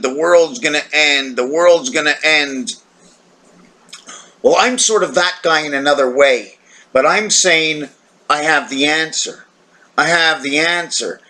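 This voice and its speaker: A tired video maker talks to camera in a rambling, wandering monologue, questioning himself and breaking into playful sound effects. His voice is a little high, pushed and bright.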